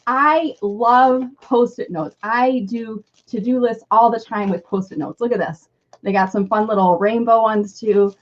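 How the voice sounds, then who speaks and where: A woman's voice: a little high, steady tone, measured pace. A middle-aged woman chatting on a live video, gushing and effusive as she opens a gift box. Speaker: marketing consultant unboxing a gift on a live video. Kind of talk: impromptu live unboxing chat. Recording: slightly dull lo-fi audio.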